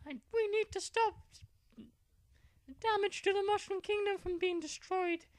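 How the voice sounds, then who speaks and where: A man voicing an excitable male plumber hero in a very high, shrill voice. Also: unhurried, no room sound, studio quality. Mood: frantic.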